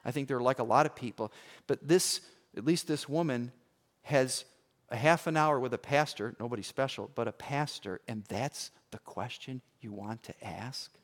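A middle-aged man preaching as a pastor, telling a story with acted-out voices and swings from hushed to loud. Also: medium pitch, moderate pace. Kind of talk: sermon with a personal story.

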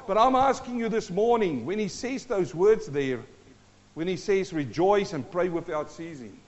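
A man's voice: high-pitched, lively intonation, normal speed. A man preaching a sermon as pastor, exhorting his listeners with rhetorical questions. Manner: exhorting, rhetorical questions, sings a hymn line. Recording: dull, long-reverb church hall.

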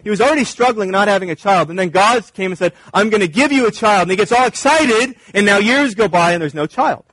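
A man's voice: sits high, expressive, fast talker, few pauses, fairly bright tone, no room sound. A man preaching a sermon as pastor, earnest and emphatic, repeating his key points.

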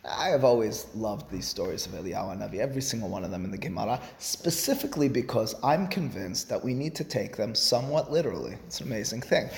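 A man teaches a Talmud class in a classroom with a long, ringing reverb. His delivery is animated: he jumps from loud exclamations to quiet, offhand asides. His voice sits at an ordinary middle pitch. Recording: echoey room with long reverb.

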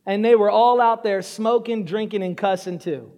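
A high-pitched man preaching a lively sermon, and he slips into quick voices for the people in his Bible stories. His voice rings through a big hall with a long reverb tail. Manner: animated, acts out Bible scenes in quick voices.

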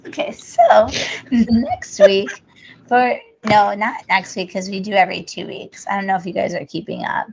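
A woman's voice: medium pitch, sing-song, normal speed, gravelly, slight background noise. A woman co-hosting a podcast, chatting casually in a rambling, jokey way. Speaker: podcast co-host. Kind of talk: casual chat. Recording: muffled lo-fi audio.

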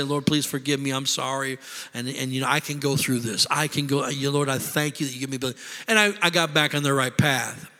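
A man's voice: a little high, sharp tone. A middle-aged man preaching a sermon as pastor, impassioned and conversational, repeating himself for emphasis. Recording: long hall reverb.

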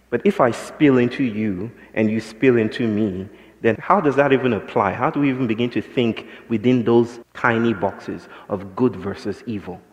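A man giving a public talk, telling stories in a measured, philosophical way. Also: fairly low pitch, a little mellow. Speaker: speaker. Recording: long hall reverb.

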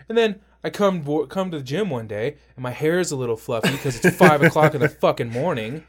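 A man co-hosting a casual podcast, telling profane stories with animated retellings. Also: fairly quick, hardly any pauses. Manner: acts out quotes with big pitch jumps. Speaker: podcast co-host. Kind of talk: casual chat.

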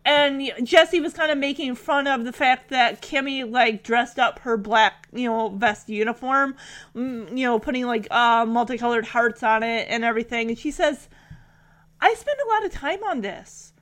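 A woman's voice: fairly high pitch, steady tone, normal speed, a bit bright. A young woman chatting casually about a TV episode she is recapping. She talks in an emotional, rambling way with lots of fillers. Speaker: show reviewer.

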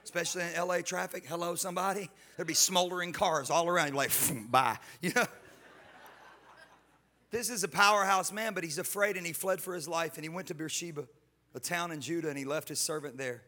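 A male guest pastor preaching a sermon in church, animated and joking, with casual slang. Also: on the high side, brisk. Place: church sanctuary.

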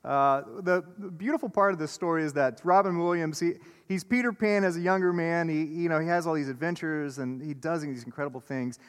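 Man, pastor, sermon, earnest repeated phrases, casual asides, high-ish voice, long church echo. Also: fairly quick, few pauses. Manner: earnest preaching with repeated phrases, turning casual and chatty with the congregation. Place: church sanctuary before a congregation. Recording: echoey church hall.

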